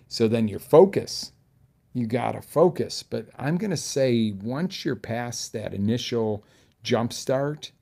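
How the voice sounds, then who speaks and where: A man, a fitness coach, giving an animated motivational talk, jumping from loud outbursts to hushed asides. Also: on the low side, creaky.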